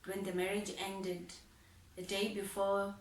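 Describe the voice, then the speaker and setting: A young woman vlogging about her life, animated and laughing as she acts out both sides of past conversations. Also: mid-range voice, measured pace, far from the mic, a little hiss or hum. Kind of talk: personal storytelling. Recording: roomy echo, voice set back from the mic.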